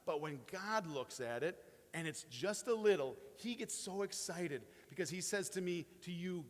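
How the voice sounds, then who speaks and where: A man preaching a sermon as pastor, dropping soft for quotes and rising with excitement. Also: sits high, unhurried. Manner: swings between hushed quoting and rising excited emphasis. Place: church sanctuary. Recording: long hall reverb.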